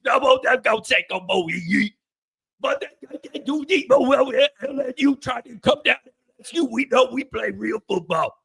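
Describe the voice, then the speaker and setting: A man's voice: extremely high pitch, animated, normal speed, gravelly, a bit bright, slightly rough, pitched above the performer's own voice, full character voice. A man putting on the voice of a rowdy older male football coach, rambling and hollering. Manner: rambling, hollering, slurred party talk.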